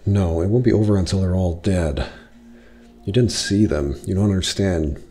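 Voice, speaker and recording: A man's voice: low-pitched, dark tone, close to an everyday voice. A man reading the lines of a frightened young woman who cannot sleep and resents her father. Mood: haunted. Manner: halting, anxious, accusing.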